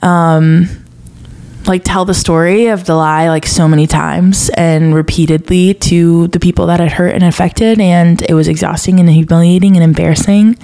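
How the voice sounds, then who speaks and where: A woman's voice: fairly low pitch, fairly even intonation, moderate pace, mellow. A young woman hosting a podcast, talking earnestly and confessionally about faith, at times close to tears. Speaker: podcast host. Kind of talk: personal faith podcast talk.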